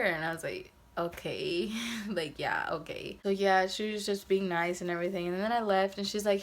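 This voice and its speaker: A woman in her twenties recounting a personal story in a loose, conversational way. Her voice sits on the low side, and she keeps dropping in fillers and acting out quoted asides. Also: a little fast. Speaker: vlogger. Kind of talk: casual storytime.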